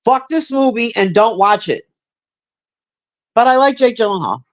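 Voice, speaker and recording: A man's voice: very high-pitched, animated, measured pace, highs cut off. A man streaming and chatting casually with viewers, swearing freely, rambling with lots of fillers and answering chat by name. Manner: profane, rambling, with many fillers; talks straight to chat by name.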